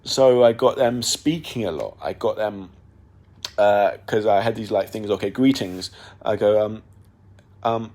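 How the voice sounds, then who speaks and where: A man's voice: lowish voice, a little slow, a little mellow. A young man talking casually on his own podcast, rambling with many fillers and restarts. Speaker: podcast host. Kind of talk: casual monologue.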